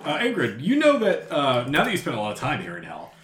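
A man narrates a tabletop game as game master, relaxed and full of fillers, his pitch moving a lot. His voice has a roomy echo over faint ambience. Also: fast talker, slight background noise.

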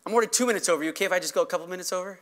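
A pastor delivering a sermon in a high, bright man's voice. He preaches earnestly but conversationally, often tossing in quick tag questions to the congregation.

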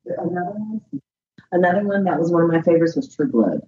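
A woman who is a guest actress on a radio show, talking in a relaxed, casual way and laughing easily. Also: lowish voice, fast, reverberant, highs cut off, slight background noise.

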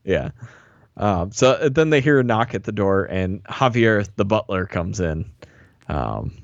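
A man recapping an episode in casual chat, relaxed and laughing often, mildly critical. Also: on the low side, measured pace, creaky, no echo, dull audio. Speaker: podcast co-host recapping an episode.

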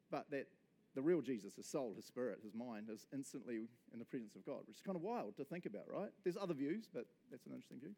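A man with a New Zealand accent, a pastor giving a casual, jokey sermon full of asides to the congregation. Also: a little high. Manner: jokey, energetic, chatty with frequent asides to the congregation. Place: church service.

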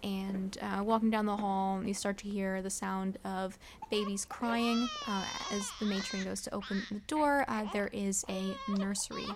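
This is a woman narrating a tabletop role-play scene as game master. She describes the scene at an unhurried pace, with a few filler uhs. Her voice sits at a middle pitch, with a faint hiss behind it. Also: steady tone.

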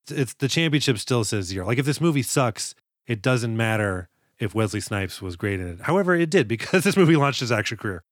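A man co-hosting a film podcast, riffing loosely and swearing freely as he jokes about the movie. His voice is plain and mid-pitched, and it sounds close and dry, with no room sound around it. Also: animated, fairly quick, dry recording. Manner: joking, profane riffing. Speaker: podcast co-host. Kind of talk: casual movie-review chat.

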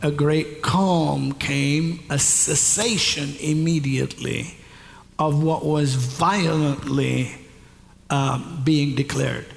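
A man delivers a sermon, moving from slow, halting teaching to rising shouted proclamations. His voice sits a bit high for a man and he takes his time. The sound carries a long hall reverb with faint room ambience behind it. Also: steady tone, gravelly, slight background noise. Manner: builds from measured teaching to shouted climax, repeats words. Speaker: preacher.

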